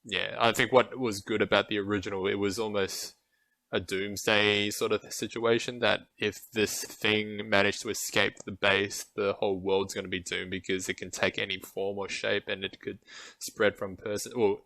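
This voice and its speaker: A man on a podcast giving his opinions on a film in a measured way, with hesitant fillers. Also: fairly low pitch, little pitch movement, creaky, pushed and bright, no room sound. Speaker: podcast co-host. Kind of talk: casual film review chat.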